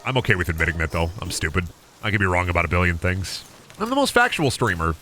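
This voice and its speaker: A man streaming a game, chatting casually in an animated, joking, crude way. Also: deep voice, quick pace, slight background noise. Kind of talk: casual gaming stream chat.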